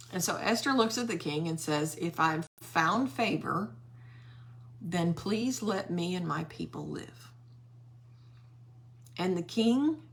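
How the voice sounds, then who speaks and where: A woman leading a Bible study, walking listeners through a scripture story at an unhurried pace. Her voice sits a little low for a woman. She drops into animated quoted voices for the characters. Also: vocal fry.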